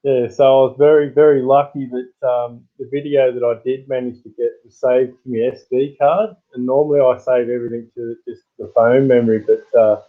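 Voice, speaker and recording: A man's voice: level tone, fairly quick, hardly any pauses. Australian male streamer, rambling casual chat, tinny phone-line sound. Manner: rambling, greets chat viewers with sudden high-pitched bursts. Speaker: live stream host.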